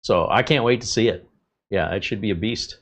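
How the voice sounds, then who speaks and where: A man hosting a live tech channel stream, greeting viewers in a relaxed, chatty way with many filler pauses. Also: lowish voice.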